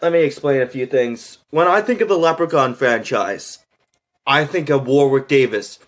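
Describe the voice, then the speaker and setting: A man's voice: mid-range voice, fairly bright tone. A man reacting to and reviewing a movie, ranting in an exasperated way with constant swearing.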